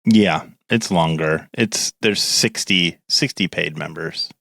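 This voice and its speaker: A man's voice: low voice, takes it slowly, gravelly, bright, forceful tone, dry recording. A man with a Newfoundland accent co-hosting a podcast, teasing his co-host with dry questions and frequent laughs. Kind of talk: casual chat.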